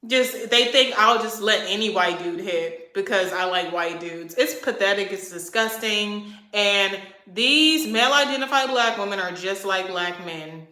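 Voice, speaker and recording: A young woman vlogger rants angrily to her camera, heated and profane, hammering each point with emphasis. Her medium-pitched voice is pushed and bright, unhurried, with few pauses. The room is echoey.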